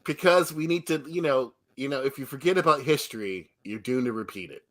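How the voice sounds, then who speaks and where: A man's voice: mid-range voice, fairly quick. A man co-hosting a casual movie podcast, joking and laughing often. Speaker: podcast co-host.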